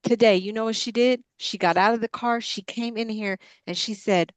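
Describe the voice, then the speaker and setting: Frank and impassioned, swearing freely, a middle-aged woman runs a Bible study group's candid discussion. Her slightly high voice holds a steady tone at a moderate pace, with few pauses and no room sound.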